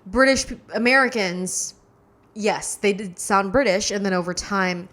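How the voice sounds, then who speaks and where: A woman's voice: mid-range voice, a little slow, a crowd in the background. A woman co-hosting a podcast in casual chat, emphatic and playfully opinionated. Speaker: podcast co-host.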